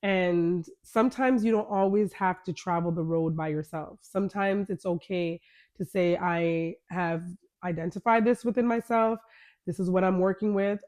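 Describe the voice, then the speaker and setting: A woman's voice: mid-range voice, darkish tone. A woman hosting her podcast, candidly telling a personal story in a conversational way and retelling the dialogue. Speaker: podcast host.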